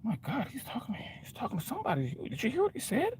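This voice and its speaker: A man's voice: very high-pitched, huge pitch swings, quick pace, a little hiss or hum, pitched above the performer's own voice, heavily acted. A man putting on a nosy, whispering gossip. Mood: scandalized. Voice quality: hushed, gasping whisper. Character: nosy whispering white onlooker, gossipy woman.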